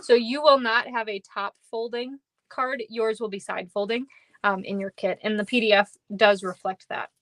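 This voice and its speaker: A woman's voice: on the high side, steady tone, normal speed, fairly bright tone, dry recording. A woman with a Minnesotan accent hosting a live card-making class, chatty and upbeat, often laughing and greeting viewers by name. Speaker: stamping class host.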